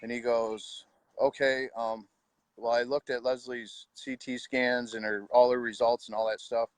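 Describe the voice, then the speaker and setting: A middle-aged man, quietly telling his own story of losing his wife, with halting pauses and heartfelt words. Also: medium pitch, flat delivery, dry recording. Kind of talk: personal storytelling.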